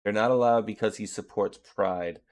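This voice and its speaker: A young man with a New England accent, rambling through a loose casual chat. His voice sits a little low, and he laughs often and restarts his sentences. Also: normal speed, a little mellow. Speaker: podcast host.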